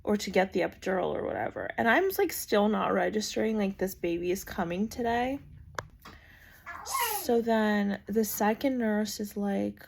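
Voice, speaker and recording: A woman's voice: mid-range voice, normal speed, creaky, a little hiss or hum. A young adult woman casually telling a personal story, chatty and full of "like" fillers. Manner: chatty, lots of "like" fillers, acts out quoted voices. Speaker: vlogger telling her birth story.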